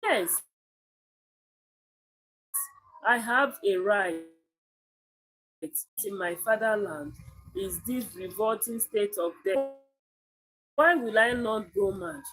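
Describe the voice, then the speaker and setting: Give me a defiant young man, as a woman reads him, slow and deliberate in a read-aloud story. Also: a little high, animated, fairly bright tone, soft background music, full character voice, low-quality recording. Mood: anguished. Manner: slow, deliberate reading of the lines.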